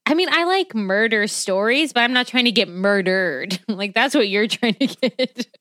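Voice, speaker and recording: A woman co-hosting a casual true crime podcast, telling the story with lots of swearing, laughter and quick tangents. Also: fairly high pitch, lively intonation, a bit bright, dry recording, clean studio sound.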